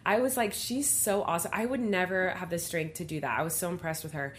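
A woman's voice: lowish voice, quick pace, a little hiss or hum. A young woman hosting a casual podcast, telling a story in a chatty way and saying "like" a lot. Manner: chatty, heavy use of "like", animated retelling.

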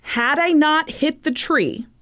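A woman's voice: high voice, expressive, slow pace, a bit bright. A woman co-hosting a podcast, telling stories in casual chat full of fillers. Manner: chatty storytelling with many fillers. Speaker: podcast co-host.

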